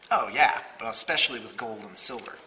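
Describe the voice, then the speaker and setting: A man's voice: mid-range voice, fast, bright, forceful tone. Chatty man in an echoey room. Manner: chatty, rambling, with playful asides. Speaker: video host unboxing miniatures. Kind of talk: casual chat. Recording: echoey room with heavy noise.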